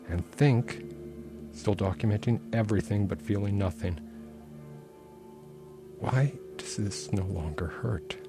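Deep-voiced man reading dark fiction. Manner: measured, dark and intense first-person narration. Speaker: author reading his novel. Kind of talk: literary reading.

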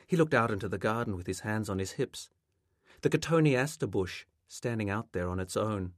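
A male author reading a passage of his literary novel aloud in a measured, expressive way, close to the microphone. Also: lowish voice, dry recording.

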